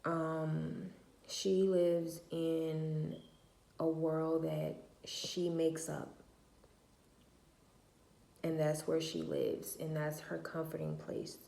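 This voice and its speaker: Woman, low voice, casual storytime vlog, blunt, emphatic, slangy, echoey room. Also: little pitch movement, drawn-out words, gravelly, pauses often, warm tone. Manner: acts out other people's lines in a higher voice. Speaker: vlogger telling a personal story.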